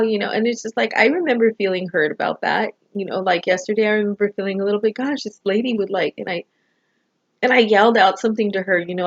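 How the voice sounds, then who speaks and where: In this personal vlog, a woman speaks straight to the camera about family and the people around her. Her voice sits in the mid range, the recording sounds lo-fi, and she wanders from point to point with plenty of emotion and fillers such as "you know."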